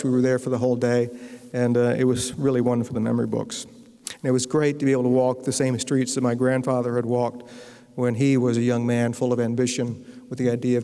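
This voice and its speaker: A man's voice: mid-range voice, creaky, dark tone. A man from Virginia, a novelist, giving a humorous lecture full of anecdotes and telling stories in a wry way. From Virginia, USA. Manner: wry storyteller, acts out quoted voices. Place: university lecture hall. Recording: long lecture-hall reverb.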